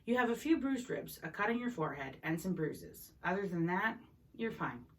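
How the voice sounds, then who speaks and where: A woman voicing a worried, protective father, speaking in a firm, measured way. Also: on the low side, lively intonation, far from the mic, lightly acted. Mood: calm.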